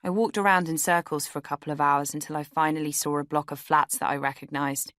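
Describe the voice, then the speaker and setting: Low-voiced woman reading her memoir. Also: fairly even intonation, fast talker, fairly bright tone, no echo, clean studio sound. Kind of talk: audiobook memoir narration. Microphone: studio microphone.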